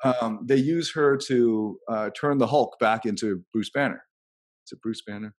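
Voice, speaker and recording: A man's voice: mid-range voice, moderate pace. A man hosting a casual podcast conversation, rambling and thinking aloud as he tells anecdotes.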